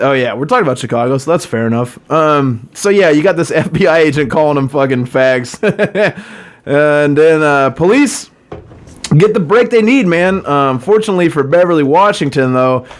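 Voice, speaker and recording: A man hosting a podcast, telling stories in a profane, rambling way and laughing often. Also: fairly high pitch. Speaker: podcast host. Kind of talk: casual storytelling chat.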